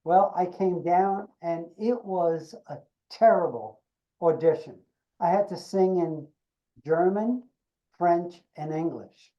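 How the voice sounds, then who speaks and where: An older man, an actor being interviewed, tells an anecdote with animated delivery and acts out the dialogue. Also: high-pitched, slow, muffled recording. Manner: animated storyteller acting out quoted dialogue. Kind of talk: storytelling anecdote.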